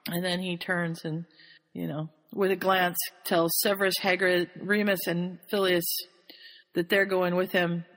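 A woman's voice: fairly low pitch, flat delivery, measured pace, a bit bright, a little hiss or hum. A woman host in casual chat, animatedly recapping a story, laughing often and slipping into quoted voices. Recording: long hall reverb.

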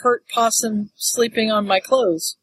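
A woman co-hosting a casual podcast, telling a lively home story and acting out the voices in it. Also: on the high side, unhurried, husky, no echo, poor audio. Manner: animated storyteller, acts out voices. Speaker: podcast co-host.

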